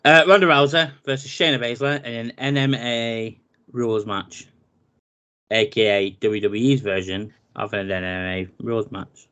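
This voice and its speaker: A man, co-hosting a casual wrestling chat, running through a match card with animated, jokey asides. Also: medium pitch, normal speed, smooth. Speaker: podcast co-host.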